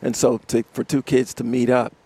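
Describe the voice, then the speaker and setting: A man, a musician guest in a live radio interview, telling animated stories and laughing often. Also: medium pitch, moderate pace, slightly rough. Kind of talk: casual storytelling interview. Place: outdoors in front of a music studio complex.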